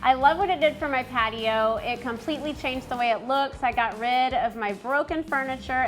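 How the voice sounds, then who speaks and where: Woman, 30s, DIY co-host; casual, easily amused, a touch high, faint music bed. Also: a little fast, few pauses. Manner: chatty, laughs at her own flubs. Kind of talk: casual build tutorial with bloopers. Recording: light music behind.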